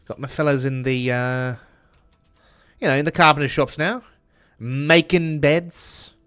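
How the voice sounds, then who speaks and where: A male game streamer talks in a put-on British accent, cursing casually and answering his chat as he plays. His voice sits a little high for a man. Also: steady tone, measured pace, a bit bright, clean tone. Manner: chatty, swears often, answers chat while playing. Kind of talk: casual gameplay commentary.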